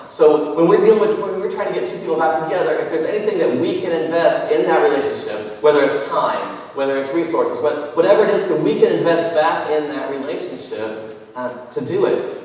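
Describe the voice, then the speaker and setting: A man's voice: on the high side, a little fast. Man preaching in an echoey hall. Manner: conversational, animated storytelling. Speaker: pastor. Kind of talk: sermon. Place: large church sanctuary. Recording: echoey church hall, mic far off.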